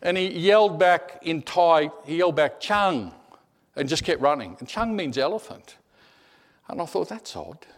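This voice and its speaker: Animated man preaching with stories. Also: on the high side, normal speed. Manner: animated storyteller, repeats words, drops to a hush. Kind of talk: sermon with personal storytelling.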